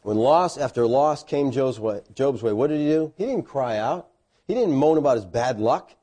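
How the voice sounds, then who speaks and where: A man's voice: moderate pace, slightly rough. A middle-aged man preaching a sermon, telling stories with folksy asides and self-deprecating humor. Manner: animated storytelling with sudden loud, high bursts.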